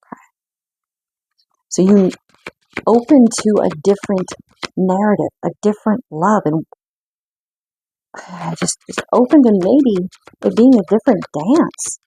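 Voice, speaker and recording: A woman giving an intuitive card reading in an earnest, reflective way, with frequent pauses. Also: mid-range voice, expressive, gravelly, mellow, a little hiss or hum. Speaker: spiritual card reader.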